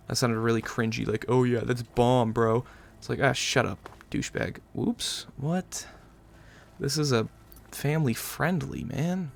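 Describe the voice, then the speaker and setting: A man narrates his own gameplay in loose, running commentary. He is chatty and sarcastic, drifting between asides and jokes as he goes. His voice sits in an ordinary middle pitch. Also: gravelly, slight background noise. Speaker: gaming channel host. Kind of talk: casual let's-play commentary.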